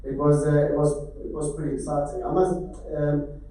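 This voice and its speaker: A middle-aged man from South Africa with a South African accent, giving a conference talk as a farmer, halting with many fillers and restarts. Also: on the high side, little pitch movement, dark tone. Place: large conference hall. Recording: echoey hall, mic at a distance.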